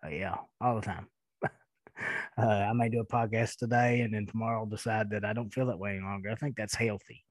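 A man's voice: lowish voice, steady tone, no room sound. A man in his thirties with a thick Eastern Kentucky accent, hosting a podcast and answering listener emails in a rambling, chuckling way. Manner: chuckling, rambling, halting with fillers. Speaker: podcast host. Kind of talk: casual listener-mail chat.

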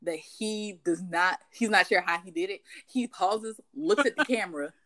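A woman's voice: lowish voice, normal speed, no echo. A young woman co-hosting a podcast, telling stories in casual chat and swearing freely. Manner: swearing, lively storytelling. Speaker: podcast co-host.

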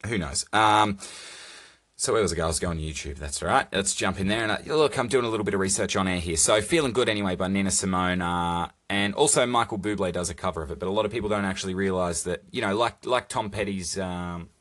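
Deep-voiced man rambling, profane and jokey. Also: quick pace, fairly bright tone. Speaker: podcast host. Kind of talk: casual solo podcast chat. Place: recording alone on a phone. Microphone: phone.

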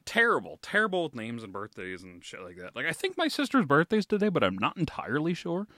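Animated man chatting on a podcast. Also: on the high side, fast, no echo, studio quality. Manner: lively, self-mocking, profane. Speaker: podcast co-host. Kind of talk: casual podcast chat.

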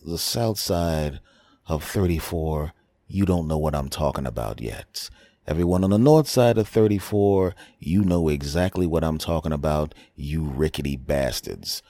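A man's voice: deep voice, expressive, unhurried, dark tone, dry recording. A middle-aged man hosting his podcast, delivering a brash, mocking comedic rant. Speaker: podcast host.

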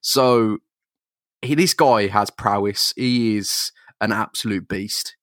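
A man co-hosting a podcast in casual comic chat, excitable and quick to laugh and joke. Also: fairly low pitch, no room sound, clean studio sound. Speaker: podcast co-host.

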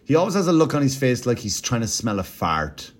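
A man's voice: medium pitch, very animated, a little fast. A man hosting a podcast, telling a story in a rambling, profane, casual comedic way, with mocking impressions. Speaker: podcast host.

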